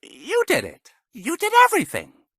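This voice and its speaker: A woman voicing two small, playful, lazy mice in a storybook tale, talking in a squeaky, excited way. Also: moderate pace, no echo, clean studio sound, heavily acted.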